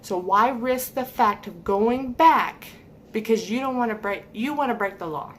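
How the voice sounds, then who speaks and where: A woman's voice: fairly high pitch, normal speed, slight background noise. A woman giving a heated, emphatic opinion rant to camera, repeating points for stress. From United States. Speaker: vlogger.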